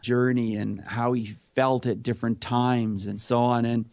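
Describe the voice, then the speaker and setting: A man's voice: medium pitch, level tone, a little slow, a little mellow, no echo, studio quality. A middle-aged man telling his story earnestly in a conversational interview. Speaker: guest, anti-bullying speaker.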